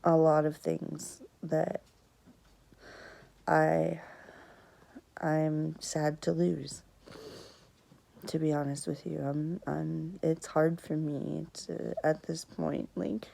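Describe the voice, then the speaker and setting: Tearful woman, soft and halting. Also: deep voice, little pitch movement, gravelly, low-quality recording. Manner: halting, hesitant, many pauses and restarts; soft, sometimes drops to a whisper. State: tearful, fighting back crying. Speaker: vlogger. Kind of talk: personal storytime vlog.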